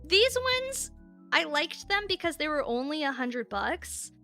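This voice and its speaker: A woman's voice: high-pitched, big pitch swings, measured pace, pushed and bright, soft background music. A young woman streaming, chatting casually and candidly with her viewers and swearing freely. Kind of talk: casual live-stream chat.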